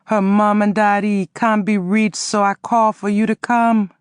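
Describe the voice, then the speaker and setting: A woman's voice: medium pitch, little pitch movement, unhurried, smooth, no echo, voice pushed up, natural voice. A woman voicing a grown man, a distraught husband who talks in pleading, emphatic bursts.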